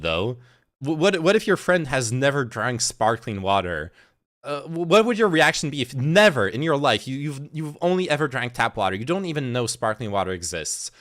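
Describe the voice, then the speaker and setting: A man's voice: mid-range voice, a bit bright. A man reacting on a livestream, talking casually and profanely with lots of stammered restarts, recorded on a phone. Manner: rambling, profane, stammering restarts, frequent laughs. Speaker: streamer. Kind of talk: casual reaction stream commentary.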